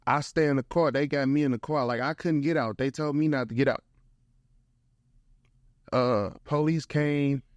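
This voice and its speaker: Here a young St. Louis man, guesting as a motivational speaker, tells a story casually with animated slang and lots of "bro." He speaks in a mid-range voice at a moderate pace with long pauses, captured close and dry without room echo.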